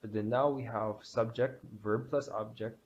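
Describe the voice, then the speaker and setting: A male language teacher walks through a grammar lesson step by step, pausing often and restarting his sentences. His voice sits at a medium pitch with fairly even intonation, and he sounds hesitant, full of fillers. The recording is dull and lo-fi, with a faint hiss in the background.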